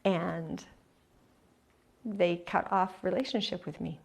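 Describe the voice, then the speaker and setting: Earnest gravelly-voiced woman host. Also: fairly low pitch, steady tone, slow. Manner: earnest and confessional, drops to a soft hush. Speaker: podcast host. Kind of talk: heartfelt personal talk to listeners.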